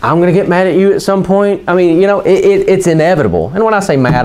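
A male pastor preaches a sermon in church, starting folksy and joking before rising into fervent preaching as the congregation calls out amens. His voice is high, animated, quick-paced, and darkish in tone.

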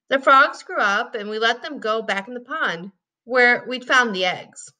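A woman's voice: on the high side, animated, measured pace, bright, forceful tone. A woman teacher reading a chapter book aloud expressively, with casual asides.

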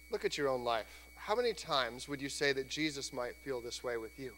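A man's voice: mid-range voice, bright, forceful tone. Man, pastor, conversational sermon, echoing church hall, faint hum. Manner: conversational preaching, acts out quoted voices. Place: church sanctuary.

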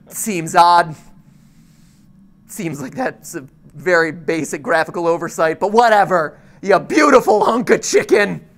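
A woman giving live, jokey commentary while playing a game, reacting out loud and cheering at wins. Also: on the low side, clean tone. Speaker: game streamer.

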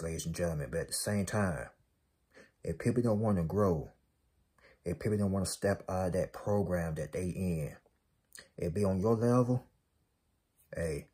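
Husky deep-voiced man preaching motivation. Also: moderate pace, pauses often, mellow. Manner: emphatic, repetitive, calls out to the audience. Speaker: spiritual motivational speaker.

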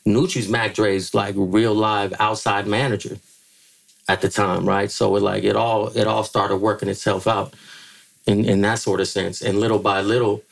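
A middle-aged man from the Bay Area telling stories as a podcast guest, profane and animated, acting out quotes in a higher voice. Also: normal speed, creaky. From Bay Area, California. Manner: animated, profane, acts out quotes with jumps in pitch. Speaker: podcast guest, music manager. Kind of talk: casual storytelling interview.

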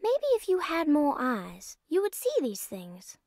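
A woman's voice: high-pitched, huge pitch swings, measured pace, darkish tone, dry recording, clean studio sound, heavily acted. A creepy teasing little girl. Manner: sweetly mocking, oddly formal. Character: eerie needling young girl.

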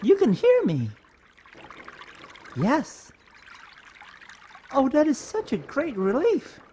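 A man voicing a lonely, gentle elderly woman in a game, speaking quietly. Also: extremely high pitch, huge pitch swings, slow, a little hiss or hum, voice pushed up, full character voice. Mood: gentle, wistful.

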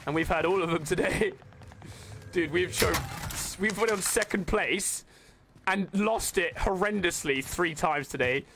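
A young man streaming a game live, bantering with his chat in an excitable, swearing way into a desk microphone. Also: sits high, a little slow. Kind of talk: live gameplay commentary. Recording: noisy stream audio with clicks.

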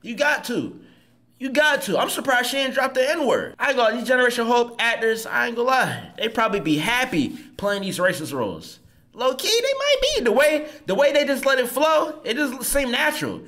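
A man hosting a comedic reaction video, talking in an animated, slangy way. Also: very high-pitched, brisk.

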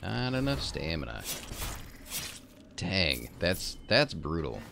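A man's voice: low voice, big pitch swings, slow pace, gravelly, background noise. A man streaming a game and chatting casually at his PC, rambling and correcting himself as he plays. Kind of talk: casual gameplay commentary.

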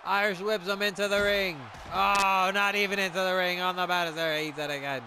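A man calling a wrestling video game match in an excited play-by-play style, often breaking into shouts. His voice sits very high and has a gravelly edge with a bright, sharp tone. Faint noise hums behind him. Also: brisk, low-quality recording. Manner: shouts and exclaims at big moves.

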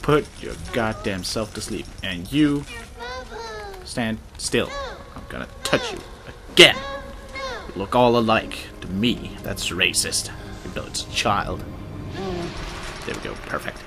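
A man giving casual let's-play commentary, excitable and sarcastic, swearing at the game. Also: on the low side, unhurried, pauses often, music in the background. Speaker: gaming video host.

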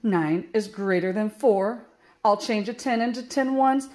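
A woman's voice: fairly high pitch, darkish tone. A woman teacher reading a children's picture book aloud and explaining subtraction steps. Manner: slow, clear, explaining steps. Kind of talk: children's book read-aloud with math lesson.

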